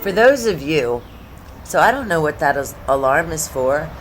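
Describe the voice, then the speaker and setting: With a low, sing-song voice at normal speed, a fiftysomething woman offers casual rambling commentary to camera from home as a YouTube host. She's chatty and sarcastic, hopping between topics, over a noisy background.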